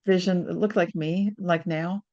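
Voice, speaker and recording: A woman's voice: fairly low pitch, normal speed, dull audio. A woman in her sixties, an author guest in an interview, telling a personal story and acting out what people said. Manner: animated storyteller, acts out quotes.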